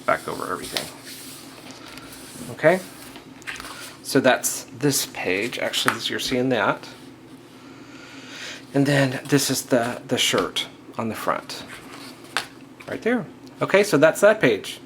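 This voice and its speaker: A man with a mid-range, fairly bright, creaky voice hosts a step-by-step crafting tutorial, speaking slowly with lively intonation and frequent pauses. He talks casually and thinks aloud, checking in with the viewer as he works and saying "okay" and restarting often. Background noise is audible in the recording.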